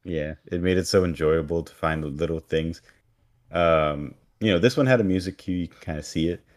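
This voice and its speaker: A man's voice: deep voice, fairly quick. A man co-hosting a podcast in casual chat, recapping a show with wry, sarcastic asides. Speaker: podcast co-host.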